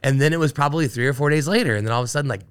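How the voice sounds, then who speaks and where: A man's voice: medium pitch, racing, clean tone. A man on a casual chat show, telling a long story full of asides and acted-out quotes. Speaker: guest, brewer.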